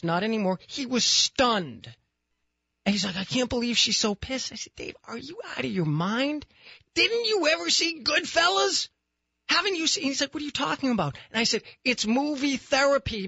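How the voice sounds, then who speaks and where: A man hosting a talk radio show, telling a story in an animated, exasperated way. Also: high voice, creaky, dry recording, highs cut off. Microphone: studio microphone.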